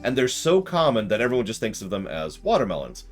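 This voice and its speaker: A man casually retelling a game session in an animated, rambling way, often correcting himself. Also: lowish voice, fast talker, faint music behind. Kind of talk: casual storytelling.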